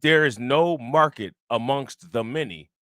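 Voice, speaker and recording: With a smooth, fairly bright mid-range voice at a measured pace, a man runs a casual commentary show. He reacts to news clips and chats directly with his viewers in a loose, repetitive manner, recorded dry.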